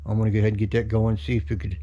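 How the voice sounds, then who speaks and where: A very tired middle-aged man giving a halting, slow home video update, stumbling over words and yawning. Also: lowish voice, completely flat delivery, mellow, highs cut off. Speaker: vlogger sharing his cancer journey. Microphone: camera held in his own hand.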